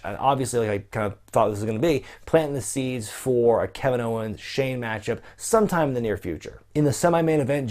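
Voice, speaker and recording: A man's voice: medium pitch, a little mellow. A young man giving a casual, chatty solo review of a wrestling event, with lots of asides and fillers.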